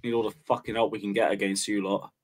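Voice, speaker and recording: A man's voice: lowish voice, flat delivery, fast talker. A man on a football podcast panel, teasing his fellow panelists and swearing freely in casual banter.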